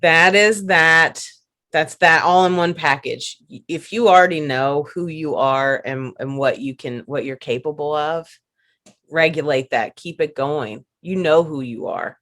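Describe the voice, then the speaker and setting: A woman hosting a casual podcast conversation, chatty and quick to laugh, often restarting and repeating her words. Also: deep voice, a bit bright. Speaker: podcast host.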